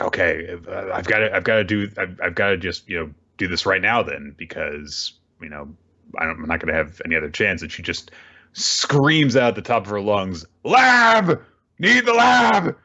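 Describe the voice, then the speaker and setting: A man's voice: low voice, bright, forceful tone, muffled recording. A man hosting a casual recap show, talking animatedly with bursts of swearing and voiced character lines. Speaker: podcast host. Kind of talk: casual manga recap chat.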